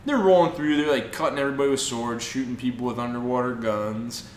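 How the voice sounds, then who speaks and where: Man excitedly recapping comics. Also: medium pitch, fast, echoey room, slight background noise. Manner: animated retelling with acted-out quotes, swearing. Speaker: podcast co-host. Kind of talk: casual comic book recap.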